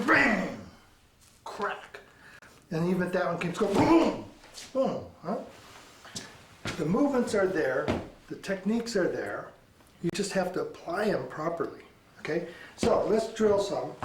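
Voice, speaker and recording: A man teaching a martial arts lesson in an instructional demonstration, animated and punctuating his points with sound effects. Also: sits high, a little hiss or hum. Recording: echoey room, mic far off.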